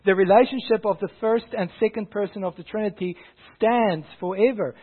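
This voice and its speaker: A man preaching a sermon as pastor, earnest and building to louder emphasis on key phrases. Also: high-pitched, fairly quick, hardly any pauses, slightly rough. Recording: tinny phone-like sound.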